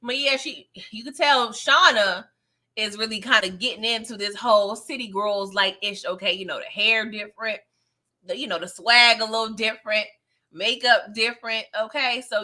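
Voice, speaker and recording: Bright-voiced sassy woman recapping a show. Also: fairly high pitch, moderate pace. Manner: laughs often, slangy and sassy, talks to viewers directly. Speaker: TV episode recap host. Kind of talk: casual live recap chat.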